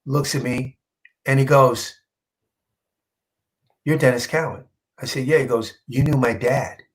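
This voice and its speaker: A male comic book artist telling a story in a casual interview, animated and acting out quoted dialogue, halting and repeating himself when moved. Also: mid-range voice, low-quality recording.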